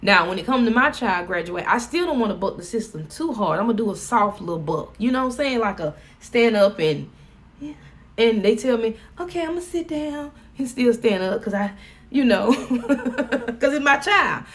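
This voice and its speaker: A woman's voice: on the high side, animated, moderate pace. A woman with a Southern US accent chatting casually on a live stream, folksy and joking. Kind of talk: casual chat.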